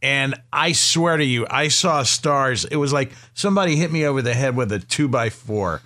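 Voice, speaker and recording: A man co-hosting a casual chat show, chatty and quick to laugh. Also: mid-range voice, animated, pushed and bright. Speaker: podcast co-host.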